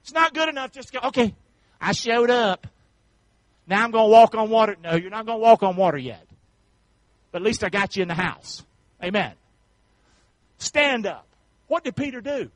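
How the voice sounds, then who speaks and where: A man preaches a sermon in a high, bright-pitched voice. He calls out to the congregation for answers and swells into shouts. The sound is dry and close. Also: very animated, normal speed, pauses often, dry recording, low-quality recording. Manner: preachy call-and-response, rising to shouts. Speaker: pastor.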